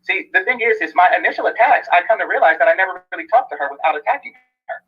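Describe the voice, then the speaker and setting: A husky man talking quickly in a casual discussion, piling one explanation on another and circling back with "here's the thing." The sound is dull and lo-fi, like a played-back clip. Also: sits high, animated. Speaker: guest on a discussion show.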